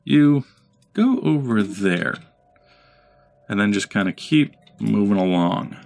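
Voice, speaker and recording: A man's voice: on the low side, expressive, takes it slowly, gravelly, darkish tone, a little hiss or hum. A man giving casual gameplay commentary as a let's play host, chatting and talking to his units. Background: game music.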